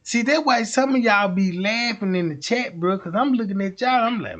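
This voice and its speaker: A man's voice: high voice, normal speed, hardly any pauses, highs cut off. A man livestreaming, telling stories casually in heavy street slang and acting out the voices of the people in them. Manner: animated, acts out voices of people in his stories. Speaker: livestream host.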